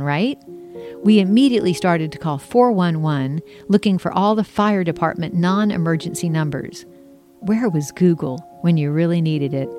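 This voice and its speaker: Woman, author reading memoir, audiobook narration, conversational, slightly low pitch, faint music behind. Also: a little mellow. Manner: conversational storytelling, acts out the dialogue.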